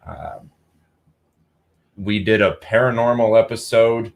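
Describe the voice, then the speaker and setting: A man on a talk show as a guest, telling a rambling story with many pauses and ums. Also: on the low side, little pitch movement. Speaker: guest, paranormal team member. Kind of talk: casual chat.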